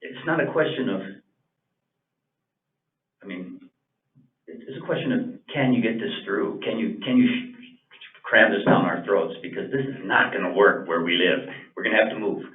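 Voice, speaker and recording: A man speaking as a resident during public comment at a town meeting, indignant and exasperated, with halting restarts. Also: fairly low pitch, expressive. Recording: echoey, distant, tinny phone-like sound.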